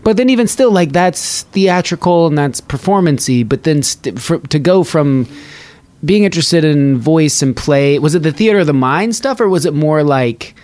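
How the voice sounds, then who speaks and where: A fairly high-voiced man hosting a relaxed interview, eager and animated as he riffs on his guest's stories. His voice comes across close and dry, with no room sound around it. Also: dry recording. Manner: enthusiastic, quick to act out little quoted voices. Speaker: podcast host. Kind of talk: casual interview.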